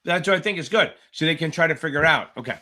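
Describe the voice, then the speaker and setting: A man tutors exam candidates during a livestream Q&A chat, blunt, emphatic and swearing frequently. His voice is a little high, fast, pushed and bright.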